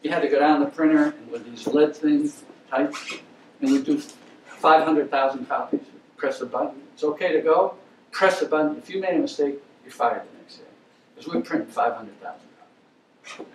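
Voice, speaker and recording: A man's voice: mid-range voice, gravelly, a little mellow. An older man giving an anecdotal lecture, telling stories in a blunt, emphatic, opinionated way. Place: lecture room. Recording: roomy, distant mic with faint hiss.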